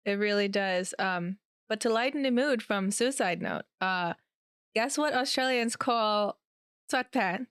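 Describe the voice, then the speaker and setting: A woman's voice: medium pitch, a little slow, fairly bright tone, clear, resonant tone, no echo, studio quality. A woman co-hosting a podcast, chatting in a playful, dramatic way. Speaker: podcast co-host. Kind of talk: casual chat.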